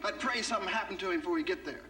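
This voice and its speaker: A man's voice: high-pitched, very fast, faint music behind. A man performing stand-up comedy, telling a story about his youth and jumping into the voices of the people in it. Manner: animated, jumps into characters' voices. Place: comedy stage before a live audience. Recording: distant stage mic with faint noise.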